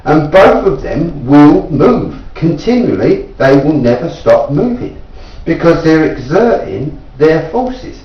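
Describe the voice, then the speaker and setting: A man from England, a self-taught inventor, earnestly explaining his device and insistently challenging viewers to prove it wrong, rising in pitch as he pleads. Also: very animated, slow pace, hardly any pauses. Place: indoors at home. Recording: echoey room, distant mic, dull lo-fi sound.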